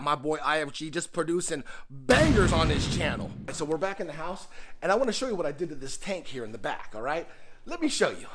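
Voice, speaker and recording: A man's voice: a little high, a bit bright. A man with a Hawaiian accent giving an upbeat, chatty home aquarium vlog walkthrough, joking with viewers. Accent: Hawaiian English. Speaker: aquarium hobby vlogger. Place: home indoors.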